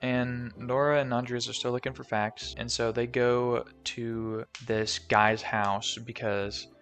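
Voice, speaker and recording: A man's voice: medium pitch, little pitch movement, slow pace, fairly bright tone. A young man recapping a movie plot in a casual, jokey, rambling way with lots of fillers. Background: faint background music.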